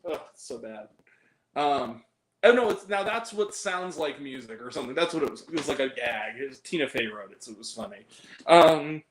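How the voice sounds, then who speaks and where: A man's voice: medium pitch, lively intonation, normal speed, echoey room. A man hosting a movie review podcast, chatting casually in a rambling, profane way, full of fillers and giggles. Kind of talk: casual chat.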